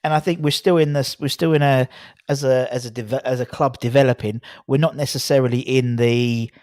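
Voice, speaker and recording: A talkative man hosting a live call-in stream. His voice sits at an ordinary middle pitch and sounds close and dry, with no room around it. He rambles easily and gets lively when a point excites him. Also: brisk, no echo. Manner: chatty, swears casually, animated when excited. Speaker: host of a fan live-stream call-in show. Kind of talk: casual chat and football opinion.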